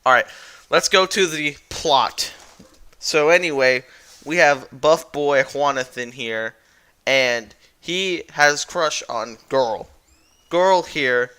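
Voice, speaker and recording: A man's voice: medium pitch, fairly bright tone, clear, resonant tone. A man who jokingly recaps a story as a YouTuber, rambling and correcting himself as he goes. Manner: rambling, playful, self-correcting.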